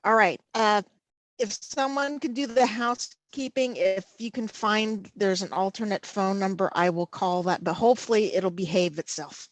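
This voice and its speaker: A woman presenting a live safety training webinar over a video call, slow and halting, often pausing to check in with "okay". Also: mid-range voice, no room sound. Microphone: computer mic over video call.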